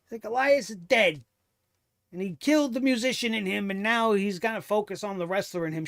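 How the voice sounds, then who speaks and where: A man's voice: high-pitched, brisk, creaky, fairly bright tone, dry recording, studio quality. A man hosting a wrestling review show, talking in a sarcastic, exasperated way and swearing freely. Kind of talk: casual commentary review.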